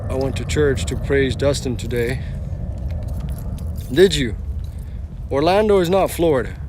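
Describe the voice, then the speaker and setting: A man's voice: medium pitch, unhurried, background noise. A man driving for rideshare, telling a story on a casual live stream in a rambling way, restarting often and swearing casually.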